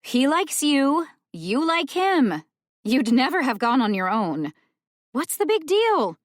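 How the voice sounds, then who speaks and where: A woman voicing a cheeky, scheming young woman who teases her older sister with a bright, high voice in an audiobook. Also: big pitch swings, slow pace, no room sound, studio quality, exaggerated voice. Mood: teasing. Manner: bright, teasing, pitched high.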